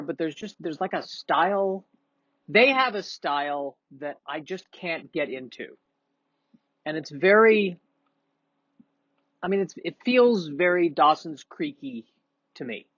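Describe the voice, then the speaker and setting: A man's voice: high voice, lively intonation, a little slow, a bit bright, no room sound, muffled recording. A man doing a casual, rambling, self-deprecating monologue, with sniffles and frequent restarts. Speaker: comedian vlogger.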